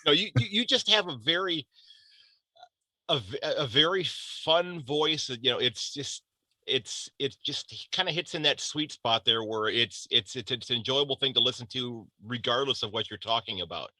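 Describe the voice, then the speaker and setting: Bright-voiced American man hosting a podcast. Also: mid-range voice, moderate pace, dry recording. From United States. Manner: rambling, frequent restarts. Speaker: podcast host. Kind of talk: casual podcast chat.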